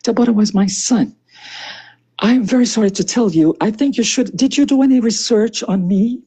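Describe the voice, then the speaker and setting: A man's voice: sits high, moderate pace, warm tone, breathy edge. A man in his sixties arguing on a live stream, insistent and repetitive. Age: 60s. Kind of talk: heated live stream argument.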